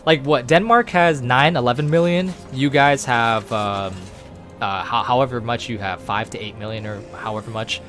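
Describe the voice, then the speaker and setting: A man streaming a game, chatting casually with viewers in a rambling, animated way with casual swearing. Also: medium pitch, normal speed, faint music behind. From United States. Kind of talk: casual chat with viewers while gaming.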